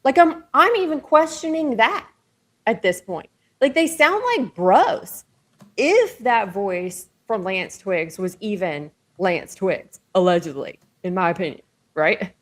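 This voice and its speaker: A woman's voice: medium pitch, measured pace. A woman hosting a casual opinion commentary, talking emphatically and hedging her claims as she goes. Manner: emphatic, animated, hedging with "allegedly". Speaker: commentary host.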